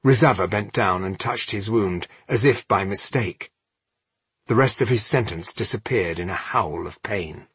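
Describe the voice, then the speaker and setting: A man narrating a fantasy audiobook with a steady, measured reading. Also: on the low side, slightly rough, no room sound.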